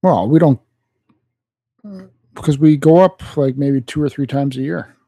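A man co-hosting a casual podcast, talking in an offhand, deadpan way about his week. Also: fairly high pitch, measured pace, no echo. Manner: laid-back, deadpan, offhand. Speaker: podcast co-host.

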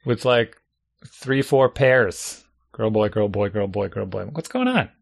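A middle-aged man in casual chat as a podcast co-host, animated and laughing often, with frequent restarts. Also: lowish voice, unhurried, vocal fry.

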